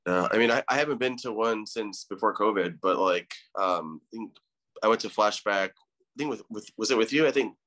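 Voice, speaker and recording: Guest, male, 30s, low bright voice, chatty and effusive storyteller. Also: a little fast. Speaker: podcast guest. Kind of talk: casual chat.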